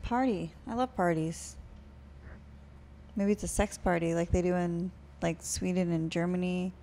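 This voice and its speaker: A woman in her thirties co-hosting a comedy podcast, chatting casually and teasing, with loud bursts of mock outrage. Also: fairly low pitch, fairly even intonation, measured pace, creaky. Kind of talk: casual banter.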